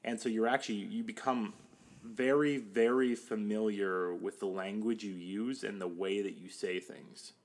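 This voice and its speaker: A young man with a fairly low voice talks through his work as a counselor in a relaxed podcast chat. He leans on "like" and "you know" all the time. Now and then he acts out the voices he quotes. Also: a little slow. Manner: chatty, many "like" fillers, acts out quoted voices. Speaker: podcast guest, psychotherapist. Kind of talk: casual podcast conversation.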